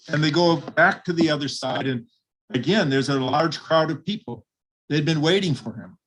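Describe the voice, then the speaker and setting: An older man preaching a sermon with a slightly high voice. He tells the Bible story vividly and steps into its people as he goes. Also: a bit bright. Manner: vivid retelling with acted quotes.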